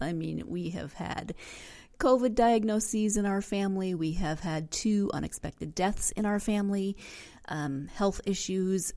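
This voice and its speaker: A woman's voice: mid-range voice, measured pace, mellow. A woman hosting a book podcast, chatting casually with dry, self-deprecating sarcasm. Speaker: podcast host. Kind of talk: casual solo podcast talk.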